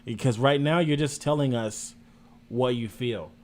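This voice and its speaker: A young man co-hosting a casual livestream music review, rambling in a profane, animated way. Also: medium pitch, a little slow.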